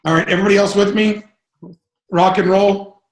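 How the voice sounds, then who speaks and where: Man, sales coach, live group coaching talk, energetic, rambling, sudden whoops, fairly high voice, echoey room. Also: a little fast.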